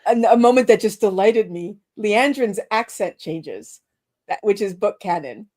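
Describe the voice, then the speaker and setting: Woman co-host, casual stream chat, excitable, high sudden exclamations. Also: measured pace. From born on a British island.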